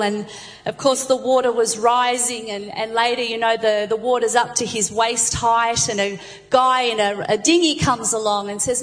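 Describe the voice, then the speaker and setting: A woman delivering a sermon, telling stories with lively voices for the characters. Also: on the high side, moderate pace, big-room sound, low-quality recording. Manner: animated storyteller, voices the jokes' characters. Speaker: preacher.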